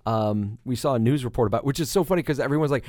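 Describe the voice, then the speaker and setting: A man's voice: medium pitch, darkish tone. A man with a Texan accent co-hosting a movie podcast in casual chat, joking and bantering with his partner. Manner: jokey, quick banter with frequent laughs. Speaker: podcast co-host.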